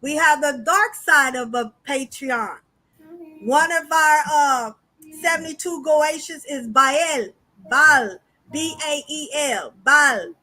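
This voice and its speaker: A high, bright woman hosting a spiritual podcast in an animated, chatty way. She talks straight to her listeners and calls them y'all. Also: slow. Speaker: podcast host. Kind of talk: casual spiritual podcast talk.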